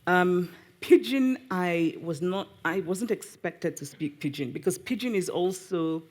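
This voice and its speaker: Nigerian woman, guest speaker at a live talk, animated, teasing, self-correcting. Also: fairly low pitch, measured pace. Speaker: guest author. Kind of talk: public conversation, answering audience. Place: live event before an audience.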